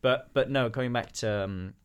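A man's voice: mid-range voice, moderate pace, clean tone. A man appearing as a podcast guest, talking in an easygoing way with frequent ums and hesitations. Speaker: guest, company founder. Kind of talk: casual conversation.

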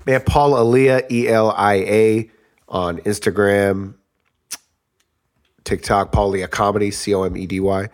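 A man from Michigan appearing as a comedian guest on a casual podcast, talking in an energetic, slangy way and reacting emphatically. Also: lowish voice, unhurried.

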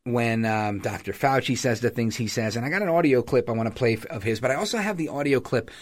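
A man's voice: medium pitch, fast. Man hosting a political podcast. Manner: animated, mocking impressions of ads. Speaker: podcast host. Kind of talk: political commentary monologue.

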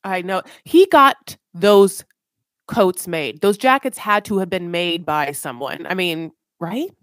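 A woman's voice: on the low side, slow pace, no echo, studio quality. A woman co-hosting a casual podcast recapping a reality TV show, teasing and sarcastic with mock-dramatic asides. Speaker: podcast co-host.

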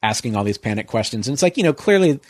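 A man's voice: medium pitch, sing-song, quick pace, no echo. A man in an easygoing conversation spins out a long anecdote, circling back with constant fillers. His voice sits in an ordinary middle register. The recording is close and completely dry. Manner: rambling, full of "like" and "you know". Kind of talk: casual storytelling chat.

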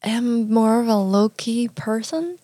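Woman player, playful, fairly high voice, dry close mic. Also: slow pace, mellow, no echo. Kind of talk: casual role-play.

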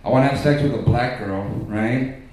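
A man's voice: mid-range voice, normal speed, a little mellow. A man doing stand-up in a conversational, confiding way. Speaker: stand-up comic. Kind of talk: stand-up routine. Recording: echoey club with clear noise.

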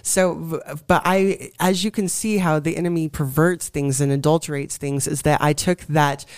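A young woman tells her story as an interview guest, lively and expressive, often acting out her own words and those of others. Her voice is smooth and clear, and it sounds close and dry, with no room echo. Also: low-pitched, normal speed. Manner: animated storyteller, acts out her own quotes. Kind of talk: testimony in a faith interview.

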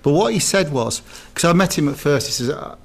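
A man's voice: fairly high pitch, lively intonation, a little fast, creaky. A man co-hosting a casual chat, telling anecdotes animatedly and slipping into mimicked voices with frequent laughter. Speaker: co-host.

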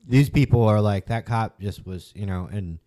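Lower-voiced man hosting a casual podcast. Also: normal speed. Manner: relaxed, agreeing, talks in loose run-on thoughts. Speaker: podcast host. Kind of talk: casual chat.

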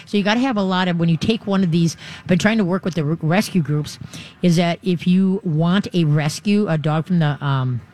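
Dog trainer, casual advice, rambling and quick, mid pitch, jumps into high voices to act out owners and dogs. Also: darkish tone.

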